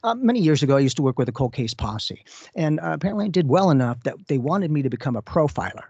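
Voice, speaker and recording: A man's voice: fairly high pitch, sing-song, fast, creaky, darkish tone, breathy edge, dry recording. A man co-hosting a radio talk show as a psychic medium, telling stories in a casual way and acting out the voices he quotes. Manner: storytelling, acts out quoted voices. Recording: dull lo-fi radio audio.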